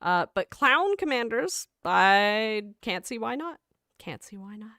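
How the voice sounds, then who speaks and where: Woman streamer, unhurried and giggly, clear dry close-mic sound. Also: on the high side, big pitch swings, sharp tone, dry recording. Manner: chatty and rambling, reads chat aloud, laughs often. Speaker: livestream host. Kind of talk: casual livestream chat while gaming.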